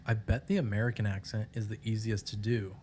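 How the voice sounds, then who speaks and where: A man's voice: on the low side, little pitch movement, brisk, darkish tone, a little hiss or hum. A man co-hosting a podcast in loose, profane casual chat. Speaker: podcast co-host.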